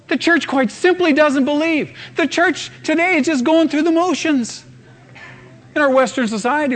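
A man preaching a sermon with fervor, acting out scenes in sudden bursts. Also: extremely high pitch. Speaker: pastor.

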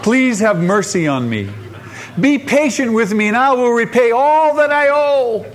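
A man's voice: sing-song, moderate pace, a little hiss or hum, natural voice. A man playing a desperate begging debtor. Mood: pleading. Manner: pleading, rising to a high cry.

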